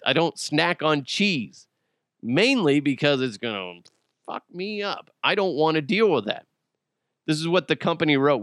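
A man hosts a podcast by himself, cracking crude jokes, riffing in a casual comic monologue and slipping into silly voices. His voice sits a little high with a fairly bright tone, recorded at studio quality with no echo.

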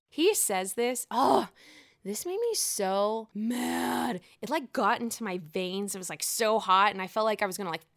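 A woman's voice: fairly high pitch, a bit bright, dry recording, clean studio sound. A young woman hosting a podcast and recapping a reality show in a heated, profane, emphatic way. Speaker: podcast host.

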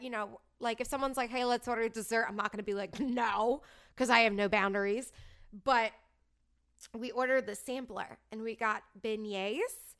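Bubbly, bright-voiced woman in her thirties. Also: a little high, clean tone. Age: 30s. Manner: bubbly, gushing, lots of "like". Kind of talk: casual chatty storytelling.

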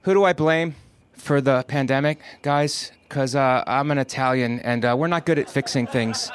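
A middle-aged man doing a stand-up set, delivering jokes punchily with sudden loud rants, and dropping to a quiet, measured tone in reflective asides. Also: medium pitch, clean tone. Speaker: stand-up comedian.

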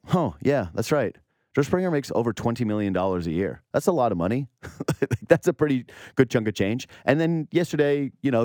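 A Canadian man hosting a casual sports talk show, ranting with incredulous, animated asides. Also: fairly low pitch, no room sound, clean studio sound. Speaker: podcast host.

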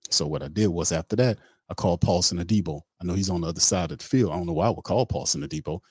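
A man's voice: low-pitched, racing, darkish tone, breathy edge, dry recording, studio quality. A man hosting a sports talk show, telling a rambling, joking story in a loose, slangy way. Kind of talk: casual comedic sports talk.

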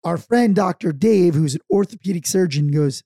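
A man, co-hosting a casual podcast and telling stories with loud acted-out quotes. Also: high voice, moderate pace, gravelly, slightly rough, no room sound, studio quality. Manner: animated storyteller, acts out quotes loudly. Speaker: podcast co-host. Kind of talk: casual chat, storytelling.

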